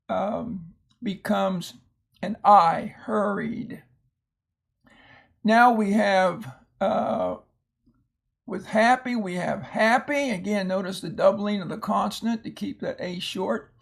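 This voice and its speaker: An older man teaching a recorded phonics lesson, explaining patiently and slowly with many fillers and restarts. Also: sits high, creaky, fairly bright tone.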